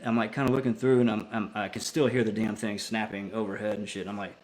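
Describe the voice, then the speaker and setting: A man's voice: on the low side, little pitch movement, fast talker, few pauses, a little mellow, slight background noise. A man, a military veteran and podcast guest, telling a story casually with plenty of swearing, restarts and filler words. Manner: profane, rambling with many restarts.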